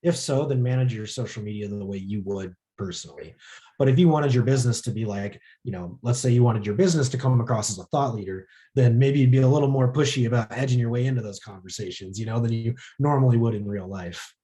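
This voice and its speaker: A man's voice: mid-range voice, fast talker, dark tone. A man presenting a casual workshop session, talking loosely with lots of filler words. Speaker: social media workshop presenter.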